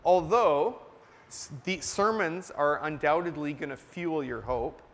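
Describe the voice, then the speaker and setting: Man preaching, earnest, emphatic, slightly high voice, long church reverb. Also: unhurried, vocal fry. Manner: earnest, emphatic, coughs between points. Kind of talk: sermon. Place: church sanctuary.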